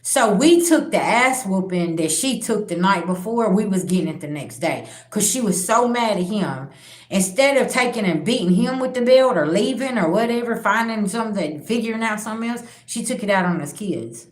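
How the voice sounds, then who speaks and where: Speaking straight to her audience, this spiritual channel host tells frank personal stories loaded with profanity. Her medium-pitched voice is animated at a moderate pace, with roomy echo in the recording.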